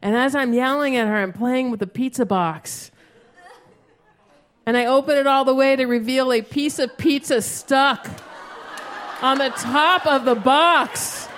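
A woman performing a stand-up comedy set, telling stories animatedly and acting out her own yelling. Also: high-pitched, measured pace. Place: live comedy stage with an audience. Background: audience laughter.

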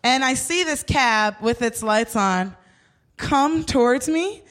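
High-voiced woman telling a wild story. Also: takes it slowly. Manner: animated, swearing, acts out voices in her stories. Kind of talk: casual chat storytelling.

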